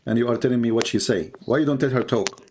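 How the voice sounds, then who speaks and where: A man's voice: mid-range voice, quick pace, very noisy. A man hosting a heated live debate, mocking and combative, hammering the same words over and over. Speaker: host.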